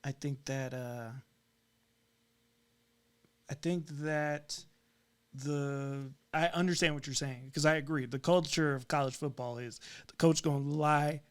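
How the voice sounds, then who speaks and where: Man, podcast guest, fairly high voice, joking casual chat. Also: fairly even intonation, clean tone. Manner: halting start, then chatty and joking.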